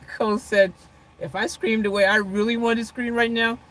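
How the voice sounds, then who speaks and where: A woman with a fairly high, somewhat bright voice and little pitch movement talks at a moderate pace in a rough recording. She's vlogging live from her parked car, reading the chat, greeting viewers by name, laughing frequently, rambling, and saying "freaking" a lot.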